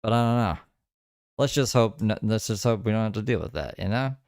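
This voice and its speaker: A man's voice: lowish voice, fairly quick, gravelly, a little mellow, dry recording, studio quality. A man hosting a podcast, rambling in crude, casual commentary with lots of filler words. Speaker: podcast host.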